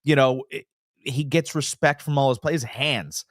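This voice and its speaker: A man co-hosting a sports betting podcast, talking casually with big exaggerations and quick impressions. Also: medium pitch, no echo, studio quality. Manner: animated, hyperbolic, jumps into little impressions. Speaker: podcast co-host.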